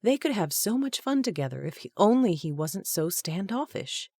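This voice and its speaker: A woman narrating a romance audiobook in a steady storytelling manner. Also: medium pitch, moderate pace, hardly any pauses, husky, dry recording, studio quality. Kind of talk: scripted narration.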